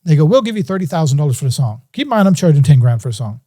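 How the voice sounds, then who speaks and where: A man's voice: a little high, big pitch swings, rapid-fire, warm tone. A middle-aged man and music producer telling a story in an interview, acting out phone calls in different voices.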